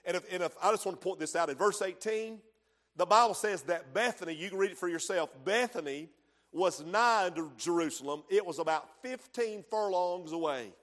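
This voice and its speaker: A man preaching a sermon in church, swinging from hushed tones to shouting. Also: high voice, fairly quick. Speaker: pastor.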